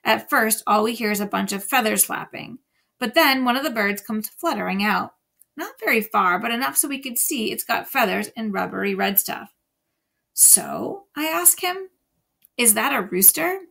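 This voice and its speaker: Gravelly woman reading a story aloud. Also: a little high, moderate pace, bright, forceful tone. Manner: voices the characters and sings the song lines. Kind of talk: read-aloud storytelling with questions to the class.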